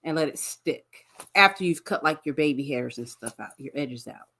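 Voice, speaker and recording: A woman guest chats with sassy, emphatic reactions. Her voice is animated and bright, and it swings widely in pitch. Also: moderate pace, husky. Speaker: podcast guest. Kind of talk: casual chat.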